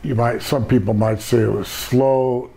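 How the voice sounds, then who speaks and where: A hoarse older man telling stories about his career in a casual interview, rambling and correcting himself. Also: medium pitch, steady tone, a little slow, warm tone, poor audio. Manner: rambling storyteller, self-correcting. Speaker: interview guest.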